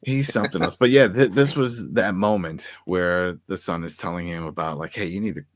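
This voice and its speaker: A man co-hosting a casual TV recap chat, animated and acting out characters' lines. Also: low voice, fairly quick, a little hiss or hum. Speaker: podcast co-host.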